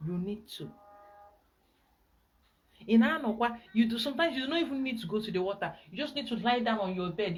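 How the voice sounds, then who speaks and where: A woman with a Nigerian accent, a spiritual guide giving an emphatic, animated teaching talk. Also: on the high side, fairly quick, pauses often.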